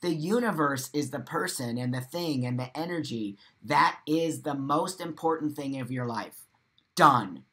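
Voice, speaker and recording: A man's voice: fairly high pitch, animated, unhurried, fairly bright tone, low-quality recording. A man hosting a live morning show, talking straight to his viewers in an impassioned monologue. He is emphatic and blunt, swears freely, repeats phrases for stress and laughs between points.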